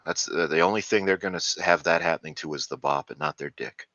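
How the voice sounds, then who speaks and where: A man's voice: low voice, fast, hardly any pauses, fairly bright tone, no echo, highs cut off. A man in rambling casual commentary, ranting with profanity and many fillers.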